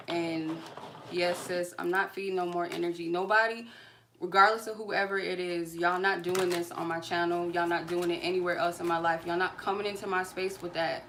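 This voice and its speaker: A woman hosting her own reading channel vents in an angry, profane live-stream rant aimed at a viewer. Her delivery is confrontational and cursing throughout. A clear, steady noise runs behind her voice. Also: fairly low pitch, normal speed. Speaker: tarot card reader and channel host.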